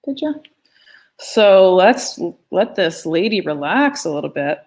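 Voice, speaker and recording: A woman's voice: fairly low pitch, sing-song, measured pace, a little mellow. A woman teaching a live online drawing lesson in a chatty, playful way, talking as she draws. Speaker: art teacher. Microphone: phone.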